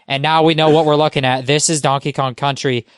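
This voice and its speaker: A man's voice: on the high side, little pitch movement, brisk, clean tone, no room sound, studio quality. A man who is a guest on a podcast, talking casually and with enthusiasm, rambling and using many fillers.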